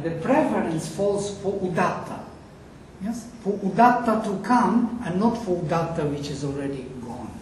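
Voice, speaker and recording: A Sanskrit teacher with a high, slightly mellow voice lectures and passionately chants Vedic verses slowly. He's far from the mic in an echoey room with faint noise.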